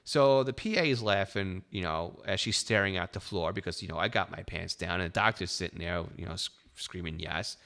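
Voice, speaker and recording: Speaking low and fairly quickly with vocal fry, this middle-aged man hosts a podcast where he recounts his own life candidly, with wry, self-mocking humor. His delivery is pushed and bright, with hardly any pauses.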